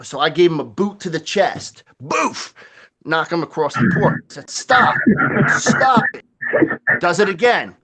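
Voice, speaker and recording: A man with a slightly high voice tells a rowdy story, swearing freely and acting out the sound effects and other people's voices. He keeps it loose and conversational, with lots of restarts. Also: brisk, hardly any pauses, background noise. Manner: animated, swears a lot, acts out quotes and sound effects. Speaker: guest storyteller. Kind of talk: casual profane storytelling.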